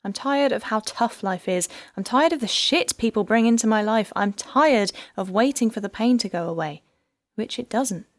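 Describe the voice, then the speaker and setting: A woman's voice: a little high, animated, moderate pace, close to an everyday voice. An audiobook narrator, a woman, voicing a grieving young woman who pleads and strains with emotion. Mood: weary, hurt.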